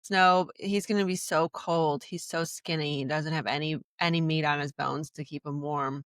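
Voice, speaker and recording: A woman's voice: deep voice, fairly even intonation, normal speed, no echo, studio quality. A young adult woman co-hosting a podcast, chatting in a bubbly, rambling way that trails off mid-thought. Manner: bubbly, rambling, trails off, laughs while talking. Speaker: podcast co-host. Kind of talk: casual chat.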